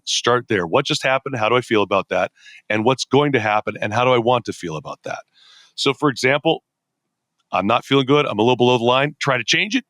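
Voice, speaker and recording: A man's voice: mid-range voice, fairly bright tone, no room sound. A middle-aged man, a podcast guest, telling stories energetically and acting out his own inner dialogue in a conversational interview.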